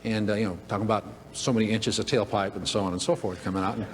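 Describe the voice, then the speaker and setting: A man's voice: fairly low pitch, fairly even intonation, quick pace, a little hiss or hum. Folksy joking man in an echoey hall. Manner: folksy, joking, acts out characters. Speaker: motivational speaker. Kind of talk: humorous storytelling talk. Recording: long hall reverb, faint ambience.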